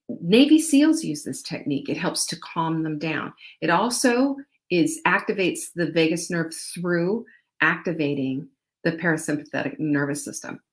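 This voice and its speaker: A middle-aged woman, pitched a little low, talks casually and encouragingly to her viewers as a show host. She is animated and chatty, speeding up and slowing down as she makes her points. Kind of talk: casual motivational talk to viewers.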